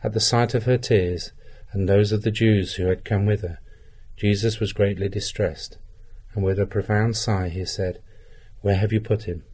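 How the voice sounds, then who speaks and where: A man reading a Gospel passage aloud in a measured, even way. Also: on the low side, breathy edge. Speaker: scripture reader.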